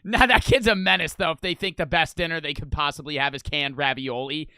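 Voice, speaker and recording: A young man casually reacting to old commercials, loud and ranting, with a lot of swearing. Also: on the high side, steady tone, fairly quick, over music.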